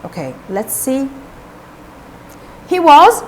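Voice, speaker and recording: A woman's voice: sits high, slow. A woman teacher, retelling a novel to schoolchildren and explaining words along the way. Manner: expressive, explains words to pupils.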